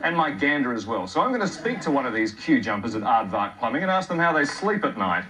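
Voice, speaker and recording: Male comedy host, mock-serious, lively pitch, noisy TV sound. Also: fast talker. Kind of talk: sketch comedy presenting.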